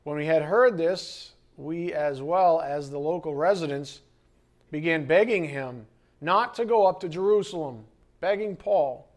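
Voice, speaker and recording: A man preaching a sermon as pastor, lively and conversational, asking the congregation questions. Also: on the high side, a little slow. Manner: animated preaching, acting out scripture quotes and asides.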